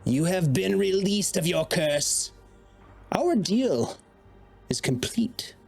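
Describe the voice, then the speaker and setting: A man voicing an old female hag in a tabletop game, speaking slowly and portentously. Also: high-pitched, big pitch swings, vocal fry, a little mellow, husky, soft background music, voice pushed up, heavily acted. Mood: ominous. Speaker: dungeon master.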